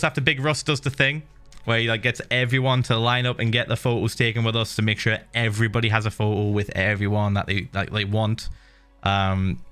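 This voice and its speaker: A middle-aged man streaming, casually telling viewers a story with lively laughs and the odd swear. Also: fairly low pitch, smooth.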